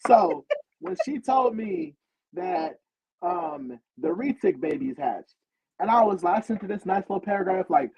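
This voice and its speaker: A man's voice: high-pitched, animated, a little slow, slightly rough, highs cut off. A man co-hosting a podcast in casual chat, joking with easygoing trash talk. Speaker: podcast co-host.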